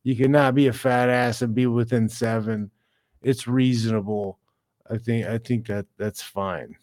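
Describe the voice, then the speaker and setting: A man's voice: mid-range voice, steady tone, measured pace, a little mellow. A man hosting a livestream, ranting bluntly and casually between reading chat messages. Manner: blunt, ranting, swears freely.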